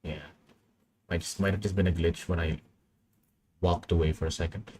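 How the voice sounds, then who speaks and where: A man's voice: deep voice, little pitch movement, normal speed, pauses often, a little mellow, slight background noise. A young man streaming while he works on a computer, thinking aloud in a casual, muttering way. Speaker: streamer animating live. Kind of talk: casual live-stream commentary.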